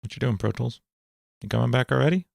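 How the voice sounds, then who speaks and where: A man chatting casually on a livestream while producing a song cover, talking to himself as he troubleshoots his recording software. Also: mid-range voice, fast, gravelly, no echo, clean studio sound.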